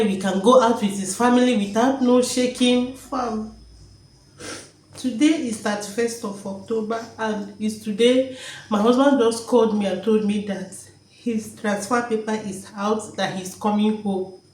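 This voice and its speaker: A woman's voice: a little high, fairly even intonation, measured pace, a little mellow, echoey room, low-quality recording. A woman talking emotionally in a vlog at home, joyful and repeating her words. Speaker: vlogger. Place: home, indoors.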